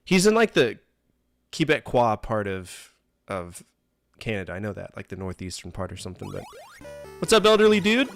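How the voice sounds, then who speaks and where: Sarcastic, animated male game streamer. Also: lowish voice, moderate pace, gravelly, pauses often, no echo, studio quality. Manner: joking, sarcastic, complaining. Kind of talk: live gameplay commentary. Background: faint game music.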